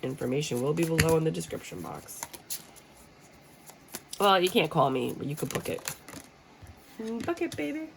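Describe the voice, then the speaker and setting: A woman gives a casual tarot reading in a low, gravelly voice. She talks bluntly and jokes as she acts out how people react. A faint hiss sits under the recording. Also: big pitch swings, moderate pace, pauses often. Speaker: tarot reader. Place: room with a squeaky chair.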